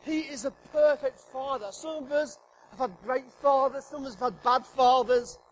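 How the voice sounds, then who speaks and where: A middle-aged man preaching in a church hall, his voice unusually high for a man. He jokes with the congregation and swings between loud emphatic declarations and soft whispers. A faint hum of room noise sits behind him. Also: moderate pace. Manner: humorous, emphatic, acts out God's voice. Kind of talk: sermon.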